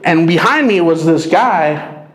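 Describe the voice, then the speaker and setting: A man works a comedy club stage, telling his set with an animated, swinging delivery and dry punchlines. His voice sits high and jumps around a lot. The room rings around him, and a crowd laughs audibly. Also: slow pace, echoey room. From Mexican-American family. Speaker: stand-up comedian.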